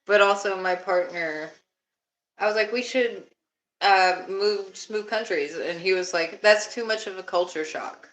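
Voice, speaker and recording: A woman's voice: mid-range voice, measured pace, long pauses, fairly bright tone, rough recording. A young woman from Alabama chatting casually on a live stream, laughing often and swearing freely.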